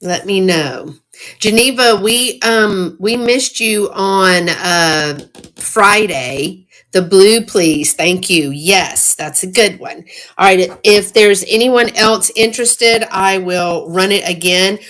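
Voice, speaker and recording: A woman hosting a casual live-stream sale, chatty and excitable, greeting viewers by name. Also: medium pitch, slow pace.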